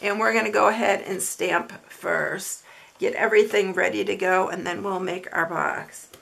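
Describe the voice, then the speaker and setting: A woman's voice: medium pitch, steady tone, normal speed, vocal fry, a bit bright. A woman hosting a papercraft tutorial, chatting casually, repeating herself and dropping fillers as she shows her work. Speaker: papercraft channel host.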